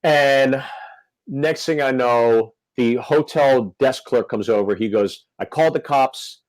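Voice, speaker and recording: A man's voice: mid-range voice, takes it slowly, darkish tone, dry recording, poor audio. A male comedian telling a story on a podcast, acting out the quotes. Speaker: comedian guest.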